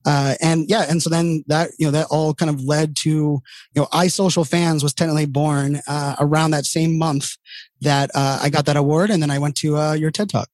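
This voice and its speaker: A middle-aged man tells stories in a loose, conversational way, stringing thoughts together with fillers and restarts. His voice sits slightly high for a man, and the sound is dry with no room echo. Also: level tone, moderate pace, a little mellow. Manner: rambling, heavy with fillers and restarts. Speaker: entrepreneur guest. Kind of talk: casual conversational storytelling.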